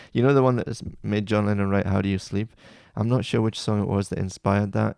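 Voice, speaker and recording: A very low-pitched man with a heavily gravelly, dark voice talks through his favourite songs in a casual, rambling way. He often second-guesses and corrects himself mid-thought. The sound is dry, with no room echo. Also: steady tone, fairly quick. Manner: chatty, rambling, self-correcting. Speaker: music playlist host. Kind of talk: casual chat about music.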